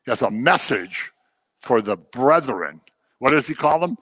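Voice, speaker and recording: A man's voice: mid-range voice, expressive, a little slow, a bit bright, breathy edge, no room sound. A man teaching the Bible in a conversational way, telling the stories and acting out the people he quotes. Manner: informal, with fillers and restarts. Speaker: preacher.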